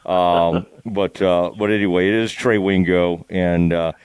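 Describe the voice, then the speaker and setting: A man's voice: deep voice, steady tone, measured pace, a little mellow, smooth, dry recording. A man hosting a casual chat, asking easygoing, rambling questions. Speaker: podcast host.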